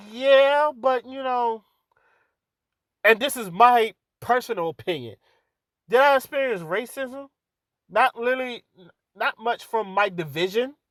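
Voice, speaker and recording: A man's voice: very high-pitched, fairly bright tone, no room sound. A young man talking in a casual, profane, rambling opinion monologue to his camera. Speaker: vlogger.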